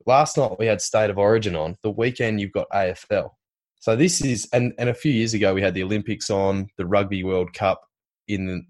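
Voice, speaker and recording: A man co-hosting a podcast, talking in an enthusiastic, rambling way and swearing casually. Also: low-pitched. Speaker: podcast co-host. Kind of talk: casual chat.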